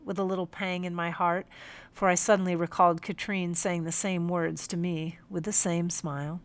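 A woman reads a first-person audiobook in a calm, measured way. Her voice is a little low for a woman, and the recording is close and completely dry, with no room sound at all. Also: clean tone, no room sound. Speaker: audiobook narrator.

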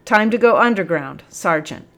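A woman's voice: medium pitch, animated, a bit bright. A woman doing an eager male corporal. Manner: quick, eager replies. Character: quick-thinking male police corporal.

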